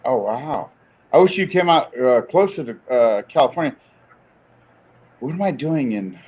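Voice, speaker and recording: Man, stream guest, casual slangy chat, mid-pitched voice, dull lo-fi audio. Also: animated, measured pace, darkish tone, slightly rough. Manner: laid-back and slangy, calls people dude. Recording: dull lo-fi sound.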